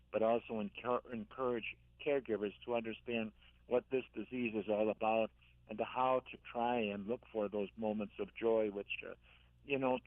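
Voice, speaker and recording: An older man, an author and caregiver, telling gentle stories in a radio interview, halting and repeating words as he speaks. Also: fairly low pitch, no room sound. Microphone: phone. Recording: tinny dry phone line.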